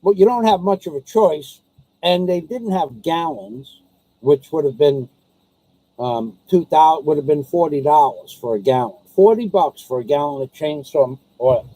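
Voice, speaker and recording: A man vlogging in a rambling, casual monologue, telling stories and quoting people as he grumbles about high prices and masks. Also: lively intonation, moderate pace, dark tone, dry recording, low-quality recording.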